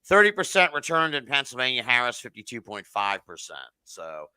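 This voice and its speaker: A man's voice: medium pitch, sing-song, a little fast, bright, forceful tone, smooth, no echo. A man hosting a live podcast, chatting casually about election results, swearing freely and reading chat comments aloud. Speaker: podcast host.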